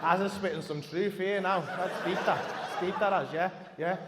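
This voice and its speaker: A man's voice: high voice, fairly even intonation, moderate pace. A man with a Liverpool accent doing sweary, cheeky crowd work as a stand-up comedian in a large theatre. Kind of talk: crowd work and backstage chat. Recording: echoey hall with background noise.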